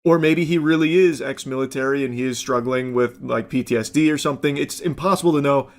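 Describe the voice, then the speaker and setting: A man's voice: medium pitch, fast. A man casually commenting on a video, rambling and speculating with lots of fillers.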